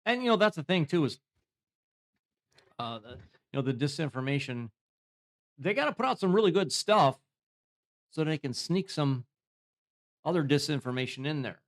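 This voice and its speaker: A man co-hosting a casual podcast chat, animated, laughing often and restarting his sentences. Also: a little high, normal speed, long pauses. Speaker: podcast co-host.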